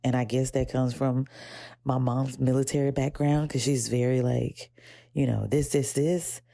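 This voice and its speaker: A young adult woman with a Southern American accent hosts a podcast, her gravelly low voice warm, fairly even in intonation and a little slow, in clean studio sound with no echo. She talks casually and reflectively about personal things, rambling and quoting her inner voice in a high pitch. At times she gets emotional and teary.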